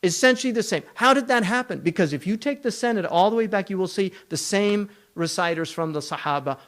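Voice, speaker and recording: A man giving a religious lecture, emphatic, running through long lists and asking rhetorical questions. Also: high-pitched. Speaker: Islamic scholar lecturing.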